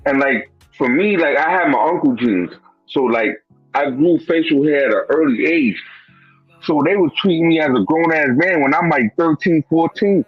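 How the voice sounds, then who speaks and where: A man's voice: fairly high pitch, moderate pace, husky, dry recording, lo-fi sound, faint music behind. A man telling a personal story in a casual, profane, streetwise way, full of "bro" and "you know what I'm saying.". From Brooklyn, New York. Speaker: guest.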